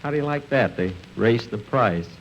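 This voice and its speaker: A man's voice: medium pitch, lively intonation, moderate pace, natural voice, poor audio. A middle-aged man playing a vain, thrifty comedian in a 1950s radio comedy, with dry, incredulous timing. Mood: musing. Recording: faint hiss of old radio broadcast.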